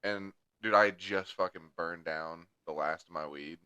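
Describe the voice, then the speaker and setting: A young man co-hosting a podcast tells crude, rambling stories in casual chat, swearing heavily. His low voice is pushed and bright with a clean tone at a moderate pace, and there is no room sound.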